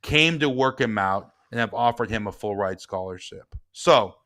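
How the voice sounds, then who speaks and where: A middle-aged man, a guest and author, telling a personal story in casual talk, swinging from quiet reflection to heated retelling. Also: fairly low pitch, animated, moderate pace.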